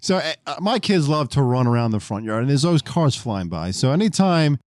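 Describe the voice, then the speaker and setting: A man co-hosting a casual podcast, telling stories in a wry, conversational way, often trailing off quietly. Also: medium pitch, very animated, brisk, no room sound, clean studio sound. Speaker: podcast co-host. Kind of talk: casual chat.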